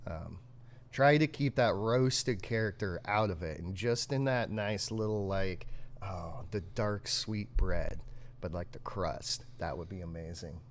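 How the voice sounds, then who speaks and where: A man co-hosting a live brewery stream, chatting casually and excitably with many fillers and laughs. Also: low-pitched, measured pace, a little hiss or hum. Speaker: brewery livestream co-host.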